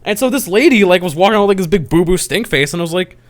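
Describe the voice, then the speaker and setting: A man's voice: high-pitched, lively intonation, fast talker, slight background noise. A young man on a casual podcast, telling a story, swearing and laughing as he gets worked up. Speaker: podcast co-host.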